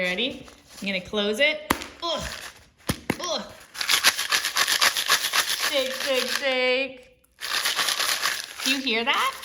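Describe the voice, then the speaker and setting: A young woman hosting an early-learning lesson for toddlers, talking gently in a sing-song teacher voice. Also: on the high side. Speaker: children's show host. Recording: echoey room with background noise.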